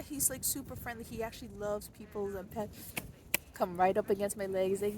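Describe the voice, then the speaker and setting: A woman's voice: medium pitch, animated, a little fast, a crowd in the background. A woman telling a story in a casual outdoor vlog, chatty, with lots of fillers and restarts. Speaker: vlogger. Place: outdoors in cold, windy weather. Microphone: phone held by hand. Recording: loud wind and traffic noise outdoors.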